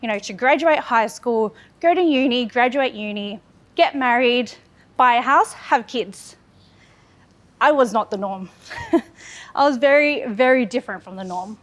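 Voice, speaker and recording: A woman's voice: on the high side, unhurried. A woman in her thirties from Australia gives an earnest, candid speech about her own life, building on repeated phrases. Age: 30s. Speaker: public speaker. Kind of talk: personal storytelling speech.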